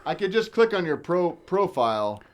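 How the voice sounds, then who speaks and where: A male co-host of a livestream, trading playful jokes in relaxed banter. His slightly high voice swings around a lot as he talks. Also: moderate pace. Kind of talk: casual livestream chat.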